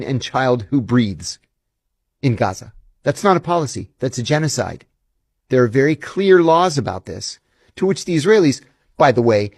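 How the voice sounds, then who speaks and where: Gravelly male ex-intelligence officer, emphatic, indignant interview storyteller, dry close sound. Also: mid-range voice, darkish tone, no echo.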